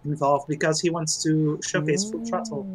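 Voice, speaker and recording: A man's voice: fairly high pitch, normal speed, over a noisy crowd, rough recording. A man chatting on a group podcast, a little hesitant but upbeat. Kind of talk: casual group chat.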